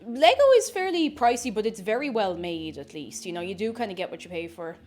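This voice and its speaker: A woman's voice: mid-range voice, animated, brisk, darkish tone. An Irish woman streaming live as she bakes, chatting in a rambling way and greeting viewers from chat. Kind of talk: casual chat while baking on stream.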